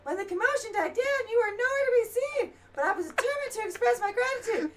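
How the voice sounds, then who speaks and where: Lady doing a squeaky southern scribe guy, super polite, begging to help, mic kinda far. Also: lively intonation, fast, background noise. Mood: eager. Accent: put-on Southern US. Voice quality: high-pitched, drawling. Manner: over-polite, eager to please. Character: eager fawning male scholar scribe, high-voiced.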